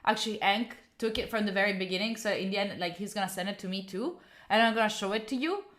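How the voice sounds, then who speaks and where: A woman's voice: medium pitch, fast talker, fairly bright tone. Woman chatting casually on stream. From Italy. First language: Italian. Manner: rambling, many "like" fillers, casual swearing. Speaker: study streamer. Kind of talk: casual chat with live viewers.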